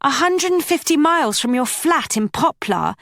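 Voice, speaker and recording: A woman voicing a bold, quick-tempered young woman who speaks sharply and defiantly in an audiobook. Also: sits high, animated, fairly bright tone, no room sound, studio quality, pitched above the performer's own voice. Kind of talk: audiobook character voice.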